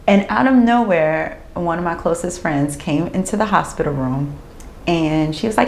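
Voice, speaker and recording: A woman's voice: on the low side, moderate pace, reverberant. A young woman, a new mother, talking candidly in an interview, getting emotional and acting out her own thoughts. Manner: emotional, laughs and tears up while talking; chatty, acts out her own inner voice.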